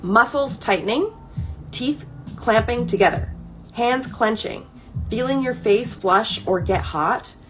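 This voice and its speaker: A woman's voice: mid-range voice, slight background noise. A woman in her thirties chatting candidly on a live stream as she reads through a therapy workbook, swearing freely and wandering off on digressions. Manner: candid, swearing, quick digressions with laughing asides. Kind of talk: casual live-stream chat. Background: faint ambient music.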